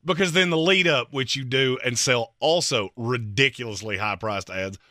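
A man's voice: mid-range voice, normal speed, bright, forceful tone, no echo, studio quality. A man co-hosting a sports talk show, joking and emphatic, with sarcastic asides. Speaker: sports radio co-host.

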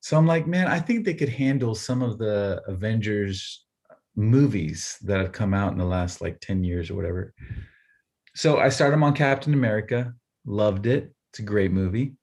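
A man in his thirties, a podcast co-host, telling a family story in a casual, animated way and laughing often. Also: fairly low pitch, moderate pace. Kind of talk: casual chat.

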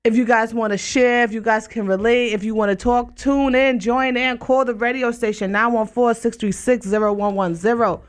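A woman hosting a casual live radio chat show from a studio, talking loudly and hyping the listeners with repeated greetings and shout-outs. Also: on the high side, steady tone, moderate pace, few pauses, clean tone. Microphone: studio mic with headphones.

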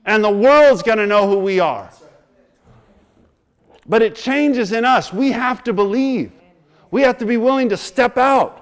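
A man's voice: very high voice, animated, unhurried, pauses often. A man preaching a sermon, telling stories with laughter and building into emphatic calls to commit. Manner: storytelling, laughing at his own past, rising into emphatic exhortation.

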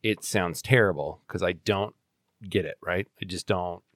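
A man's voice: low voice, unhurried, fairly bright tone, no room sound, clean studio sound. A man co-hosting a casual podcast, joking and laughing often as he explains things.

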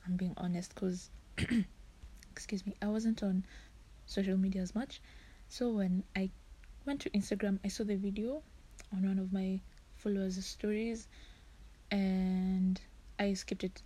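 A young woman speaks as a podcast guest, frank and earnest, breaking into short laughs now and then. Her voice is mellow and dark, with a breathy, husky edge, and sits at a middle pitch. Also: fairly even intonation, unhurried, long pauses. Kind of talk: casual podcast talk.

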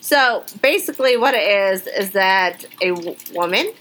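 Bright, chatty woman podcast host. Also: medium pitch, a little slow, slight background noise, poor audio. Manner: chatty, animated, reacts with exclamations. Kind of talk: casual chat, reading news stories aloud.

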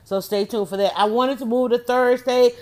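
A woman host, telling an animated story to her viewers in casual chat, laughing often. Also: a little high, normal speed. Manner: animated, chatty, laughs often, talks straight to her audience.

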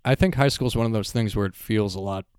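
A relaxed young man in his twenties chats as a podcast guest, rambling loosely with plenty of "like" and some casual swearing. His voice sits fairly low, recorded dry and close. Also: fast, smooth, no room sound. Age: 20s. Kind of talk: casual chat.

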